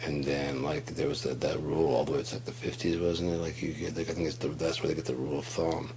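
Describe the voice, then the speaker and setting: A man's voice: a bass voice, fairly even intonation, fast talker, vocal fry, a little mellow, slight background noise. A man in a casual monologue, telling stories in a rambling, profane way and acting out quotes. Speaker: host.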